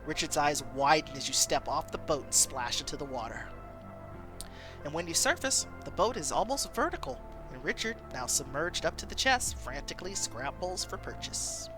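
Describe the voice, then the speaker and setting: A woman's voice: deep voice, animated, moderate pace, fairly bright tone, faint music behind. A woman streamer reading an interactive story game aloud, taking viewer votes and exclaiming often.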